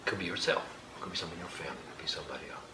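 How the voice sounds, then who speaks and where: Low-voiced man guiding a group, echoey room. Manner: slow, gentle instructions with light laughter. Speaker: workshop leader. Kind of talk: guided group exercise. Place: hall with an audience. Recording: echoey room, background noise.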